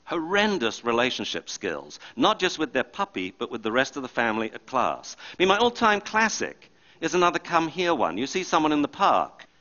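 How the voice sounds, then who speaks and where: Male speaker, dog trainer, stage talk; bright, animated storyteller, on a mic with a dull, muffled sound. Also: on the high side, normal speed. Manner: animated storyteller who acts out quotes. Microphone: body or handheld mic.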